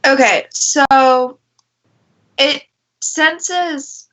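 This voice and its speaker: Bright, unhurried woman game master. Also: high-pitched. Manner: explains rules patiently. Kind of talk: narrating a tabletop game.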